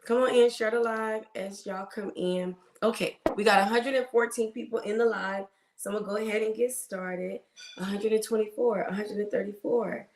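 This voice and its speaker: A woman's voice: medium pitch, steady tone, moderate pace. A woman hosting a casual livestream as a nurse, chatting and greeting viewers by name, with a cough. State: has a cough. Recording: roomy echo.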